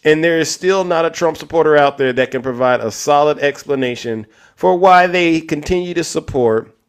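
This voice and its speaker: With a slightly high, clear, resonant voice, this livestream host argues with callers in a combative manner. He talks to his chat and his audience as well.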